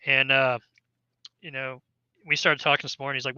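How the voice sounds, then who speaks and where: A man's voice: medium pitch, little pitch movement, normal speed, sharp tone, smooth, no room sound, highs cut off. A man, an army veteran, casually telling a long story in an interview, rambling with many fillers and restarts.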